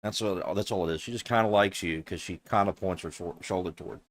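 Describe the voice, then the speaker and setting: A man streaming, reacting to a clip with sarcastic, profane, flatly delivered commentary. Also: low voice, fast. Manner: flat deadpan delivery.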